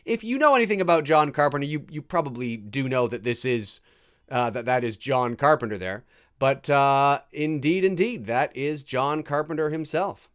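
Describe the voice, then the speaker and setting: A man's voice: medium pitch, animated, normal speed, fairly bright tone, clear, resonant tone. Chatty man doing live movie commentary. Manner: casual, chatty, restarts and fillers, reads chat aloud.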